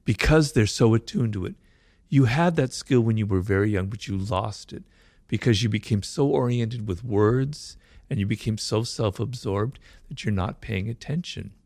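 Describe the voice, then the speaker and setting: A man explaining ideas as a guest in an interview. He talks fast and with animation and keeps asking rhetorical questions. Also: on the low side, darkish tone, dry recording.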